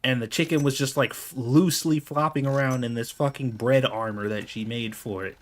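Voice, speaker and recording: A man's voice: mid-range voice, fairly even intonation, normal speed. A man telling casual, exasperated stories over gameplay, swearing freely and laughing often. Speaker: gaming video creator.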